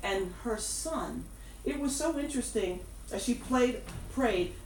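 A woman's voice: fairly high pitch, lively intonation, measured pace, darkish tone. A woman preaching a sermon, emphatic, repeating her key phrases for weight. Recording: echoey room, distant mic, faint background noise.

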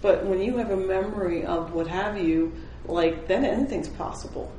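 A woman's voice: on the low side, normal speed, mellow, a little hiss or hum. A woman leading an informal Bible study who tells stories with animation, acts out the people she quotes and often laughs. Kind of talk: informal spoken devotional. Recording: roomy echoing room.

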